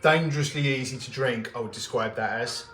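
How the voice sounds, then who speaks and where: A man hosts a live stream from his jewellery workshop, talking in a loose, rambling, wry way as he works. The room sounds open and echoey, with music playing clearly in the background. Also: mid-range voice, brisk, a bit bright. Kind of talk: casual chat while working.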